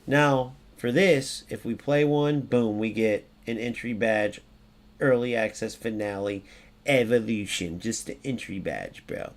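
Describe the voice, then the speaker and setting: A young American man commenting on his own gameplay, excitable and swearing often, with sudden loud outbursts. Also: lowish voice, a little slow. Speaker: gaming YouTuber.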